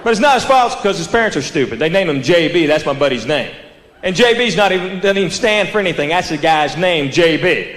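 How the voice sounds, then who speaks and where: A man with a Southern US accent doing stand-up comedy on a club stage, telling stories in a deadpan drawl and acting out the quotes. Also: fairly high pitch, a little fast. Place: comedy club stage before a live audience. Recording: roomy live venue with audience laughter.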